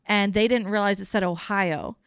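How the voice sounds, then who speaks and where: A woman's voice: mid-range voice, moderate pace. A young adult woman, a professional baker, chatting as a guest and telling stories with lots of energy, often acting out what other people said. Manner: lively storyteller who acts out quoted voices. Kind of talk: casual interview chat.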